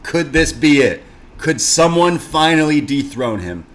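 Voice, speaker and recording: Excitable, joking man, podcast co-host, rambling wrestling banter. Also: on the high side, unhurried.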